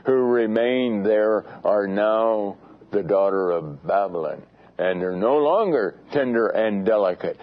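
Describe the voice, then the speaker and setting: A man teaching a Bible study in an earnest, grave way, often repeating words as he restarts his phrases. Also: lowish voice. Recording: dull lo-fi recording.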